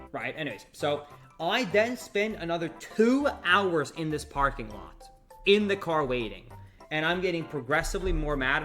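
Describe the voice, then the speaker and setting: A young man streaming, telling a long story to his chat in a casual, animated way, acting out the other people. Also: medium pitch. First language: not English. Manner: animated, quotes others in acted voices.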